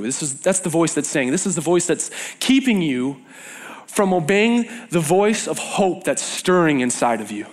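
A young adult man is preaching to a youth group, his voice a little high and his pace moderate. He tells stories with animation and acts out the voices of the people he quotes.

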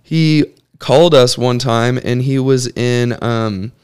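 A young man with a smooth, resonant voice at an everyday middle pitch, telling a rambling story on a casual podcast. He talks loosely and circles back on himself as he goes. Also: slow pace, darkish tone. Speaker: podcast co-host. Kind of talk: casual chat.

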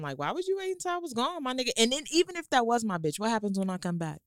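A woman's voice: a little high, very animated, rapid-fire, few pauses, clean tone, no echo, studio quality. A woman co-hosting a podcast in casual chat, blunt and teasing, swearing freely. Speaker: podcast co-host.

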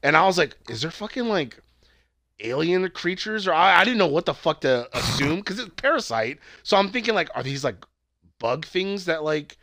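A young man chats through a movie's plot with lively, swooping intonation, slipping into quick impressions of the characters. He swears casually. The recording is dry and close. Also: fairly high pitch, no room sound. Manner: animated retelling, acting out quotes, swearing. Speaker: podcast co-host. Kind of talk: casual movie review chat.

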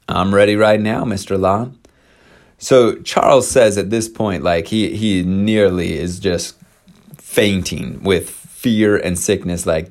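A man casually retelling a historical story, animated, with slang, fillers and acted-out quotes. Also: lowish voice. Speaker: storyteller presenting church history.

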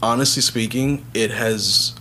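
A man's voice: mid-range voice, measured pace, slight background noise. A man who sings and writes songs for a band, chatting casually in an interview and acting out quotes as he tells stories. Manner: relaxed, rambling storyteller, acts out quotes. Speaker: band singer and songwriter.

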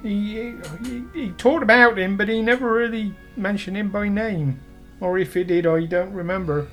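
A woman's voice: medium pitch, moderate pace, fairly bright tone, faint music behind, lightly acted. A woman voicing a grieving tavern woman who rambles and hesitates in an affectionate way. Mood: flustered. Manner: affectionate, calls people "my lovers".

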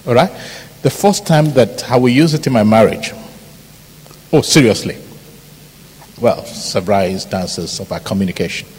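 A middle-aged Nigerian man from Ibadan with a Nigerian accent, a pastor preaching an animated sermon full of stories, mimicked shouts and laughter. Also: on the low side, normal speed, pauses often, breathy edge. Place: large church hall. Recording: hall reverb, faint background noise.

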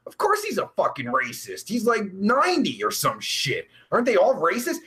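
A man's voice: high voice, wildly swooping pitch, moderate pace, bright, forceful tone. A young man hosting a live stream, reading out chat and answering in a rambling, profane, sarcastic way with groans and sighs.

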